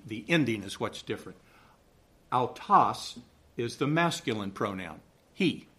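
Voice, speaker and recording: A man's voice: medium pitch, a bit bright. A man with a Southern American accent teaching a church Sunday school class, explaining things in a chatty, reassuring way and often checking in with "okay?". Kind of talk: Bible class lecture.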